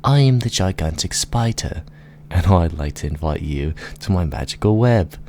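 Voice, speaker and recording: A man's voice: deep voice, animated, moderate pace, darkish tone, a little hiss or hum. A man voicing a sly male giant spider who coaxes people with a raised, sugary voice. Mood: coaxing.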